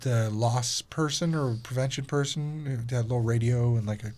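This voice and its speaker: A man hosting a podcast, telling stories casually and lively, swearing and acting out the people in them. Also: medium pitch, normal speed. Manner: animated, swearing, acts out voices in his stories. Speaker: podcast host. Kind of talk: casual storytelling chat.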